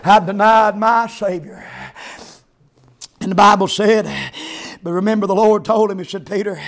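A man preaches an old-time revival sermon in a very high, gravelly voice. He chants in rhythmic bursts broken by "uh", then climbs into shouted hallelujahs. His delivery swings hard between low, quick asides and ringing cries. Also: fairly even intonation.

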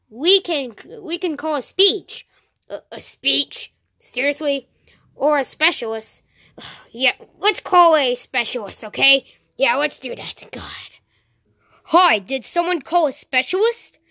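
A woman acting out a homemade toy-figure skit, switching between voices with sudden shouts. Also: high-pitched, no echo, studio quality.

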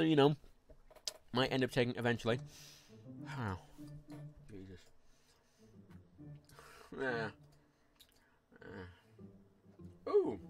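A man streaming live gameplay, rambling frankly and swearing as he reads chat and plays. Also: medium pitch. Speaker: livestreamer.

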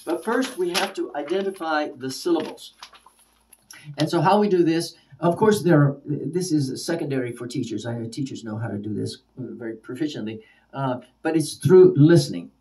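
Mellow-voiced male teacher, slightly distant. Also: a little high. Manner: repeats example words slowly with varied stress. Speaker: ESL teacher. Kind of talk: spoken lesson for teachers.

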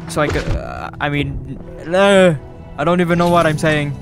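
A man's voice: on the high side, moderate pace. A man giving casual let's-play commentary, rambling and easily sidetracked, with self-mocking laughs. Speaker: gamer. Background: game music.

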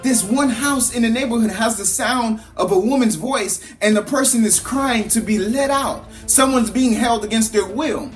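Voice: mid-range voice, normal speed, hardly any pauses. An earnest motivational speaker talks in a mid-range voice, building each point through repetition with a preaching cadence. The delivery sounds like a parent passing on a lesson through a story. Faint music plays behind the voice. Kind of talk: motivational talk.

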